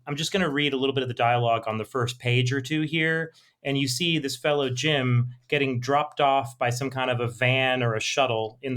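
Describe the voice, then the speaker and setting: A man co-hosting a podcast in casual chat, thoughtful and measured. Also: medium pitch, fairly bright tone. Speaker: podcast co-host.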